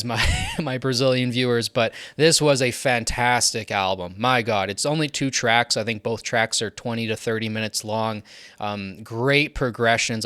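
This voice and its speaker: A young man talks through his album rankings in an eager, chatty way, often stopping for "um" and "uh". His voice sits at a middling pitch. The recording is close and dry, with no room sound. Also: fairly bright tone, clean tone, no echo. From not English. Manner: enthusiastic, conversational with frequent fillers. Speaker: music reviewer.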